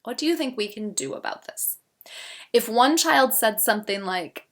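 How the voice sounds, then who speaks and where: A middle-aged woman, a parenting educator, giving a gentle instructional talk and acting out what a parent might say to a child. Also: a little high, lively intonation, normal speed.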